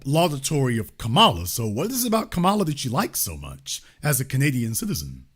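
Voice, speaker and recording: Male talk host, lecturing and emphatic, bright forceful tone, animated delivery. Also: medium pitch, fast talker, husky. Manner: emphatic, lecturing, presses the caller. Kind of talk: political commentary and call-in.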